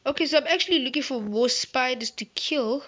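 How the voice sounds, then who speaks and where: Brisk and fairly bright, a high-voiced woman narrates her gameplay for her gaming channel in a rambling, playful, chatty way. The recording comes across slightly muffled with a faint hiss.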